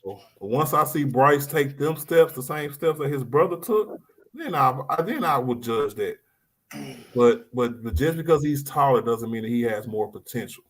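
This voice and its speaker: A man hosting an easygoing basketball chat with friends. He is animated and stumbles over repeated words as he makes his case. His pitch sits in an ordinary middle range. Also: moderate pace. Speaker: podcast host. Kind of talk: casual sports chat.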